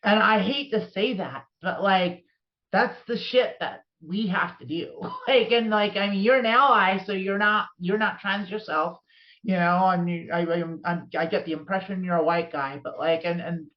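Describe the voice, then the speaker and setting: A podcast co-host talking in casual chat, heated and rambling, with many restarts. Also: female voice, mid-range voice, normal speed. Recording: dull lo-fi sound.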